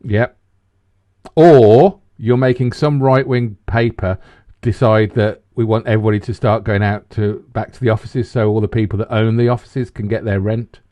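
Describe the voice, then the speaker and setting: A man co-hosting a podcast in loose, animated, sweary chat that rambles from point to point. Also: fairly low pitch, moderate pace, highs cut off. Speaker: podcast co-host. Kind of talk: casual banter podcast.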